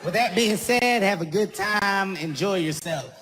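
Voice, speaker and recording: A man doing a deadpan woman rafting guide, rattling off safety rules flat and dry in a fairly high voice. The live room hums with steady ambient noise behind the set. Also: a little slow. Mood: deadpan briefing. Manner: dry safety-briefing delivery. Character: adult female rafting guide, flat and matter-of-fact. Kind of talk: stand-up comedy.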